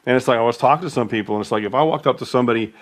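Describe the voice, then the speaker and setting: A man's voice: medium pitch, rapid-fire. A man co-hosting a casual talk, telling loose, filler-heavy travel stories. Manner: rambling, filler-heavy storytelling. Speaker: podcast co-host. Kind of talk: casual conversational chat.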